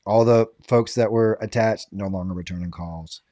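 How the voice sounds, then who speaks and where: A man in a casual podcast chat, spinning an animated anecdote and laughing as he goes. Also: on the low side, moderate pace, dry recording, clean studio sound.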